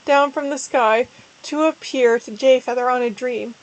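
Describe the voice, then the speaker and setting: A woman with a high voice reads a parody story aloud in a casual, amused tone. Her telling is relaxed and plain, with small stumbles and restarts along the way. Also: normal speed, poor audio. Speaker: reader of a fan story. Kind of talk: dramatic reading of a parody story.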